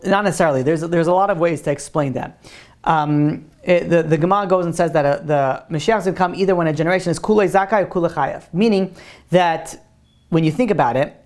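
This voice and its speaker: Informal male rabbi teaching a class. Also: high voice. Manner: informal, conversational storyteller. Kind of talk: religious class lecture with questions and answers.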